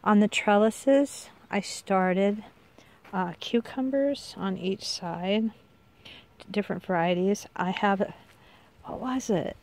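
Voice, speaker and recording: Showing off her outdoor garden, a middle-aged woman rambles chattily, frequently fixing her words halfway through a sentence. She sounds unwell and keeps hiccuping. Her mid-range voice is slow and darkish.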